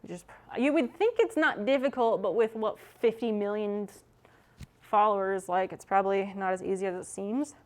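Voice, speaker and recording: Talking at a normal speed, this young adult streamer keeps up casual chat with her audience as she works, cursing without restraint. Her voice is medium in pitch and slightly mellow.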